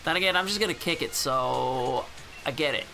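A man's voice: on the high side, moderate pace, creaky, bright, forceful tone, faint music behind. A man giving casual, sarcastic gameplay commentary, swearing freely. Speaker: gameplay channel host.

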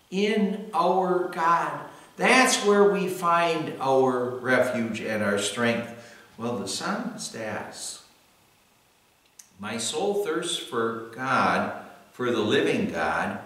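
Male pastor, middle-pitched, unhurried devotional delivery, recorded far off in a reverberant room. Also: a bit bright. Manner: unhurried, earnest, with many "well" fillers. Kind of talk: devotional talk. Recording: echoey room, voice from a distance.

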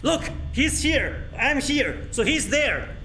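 A young male streamer with a very high, swooping voice reacts to a horror game, swearing freely and breaking into yelps and shouts whenever something startles him. He talks in slow, drawn-out bursts. A steady hiss of noise sits under the home stream recording. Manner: excitable, swears a lot, yelps and shouts when scared.

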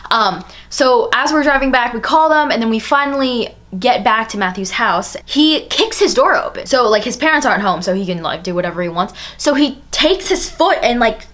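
A woman's voice: a little high, animated, moderate pace, few pauses, a bit bright. A young woman telling a personal story in a casual vlog, chatty and full of "like.". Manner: chatty, fillers of "like" throughout. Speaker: storytime vlogger.

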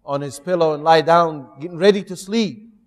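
A man teaching a Quran lesson, telling stories in a measured way and speaking directly to his listeners. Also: on the high side, big-room sound. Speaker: Islamic teacher.

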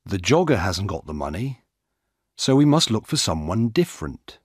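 A man voicing Dan, a calm, firm male police officer, in a plain matter-of-fact way. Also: fairly low pitch, normal speed, husky, no echo, studio quality.

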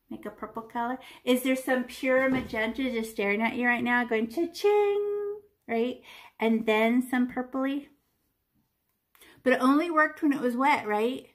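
A woman with a fairly high voice leads young children through a painting lesson. She keeps it chatty and playful and breaks into little sound effects and silly voices as she demonstrates. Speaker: art teacher.

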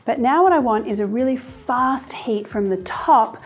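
A woman's voice: a little high, lively intonation, normal speed. Chatty woman hosting a cooking show. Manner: chatty, upbeat, explains step by step. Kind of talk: casual cooking demonstration. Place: home kitchen.

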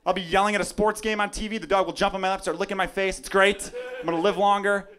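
A young man performing a stand-up comedy set, brash, dropping to mumbled asides and then shouting rants. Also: sits high, steady tone, fast talker. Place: comedy club stage before a live audience. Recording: live club recording with crowd noise. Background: audience laughter.

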